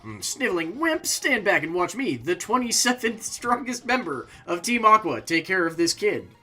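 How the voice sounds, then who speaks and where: A man doing a squeaky panicky henchman. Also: normal speed, faint music behind, full character voice. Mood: sneering. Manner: high, whiny and excitable. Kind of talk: live game voice-over.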